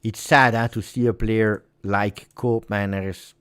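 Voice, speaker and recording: A man's voice: fairly low pitch, fairly even intonation, takes it slowly, a bit bright, smooth. A man hosting a live match watch-along, reacting emotionally and pleading with the players. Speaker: fan channel host.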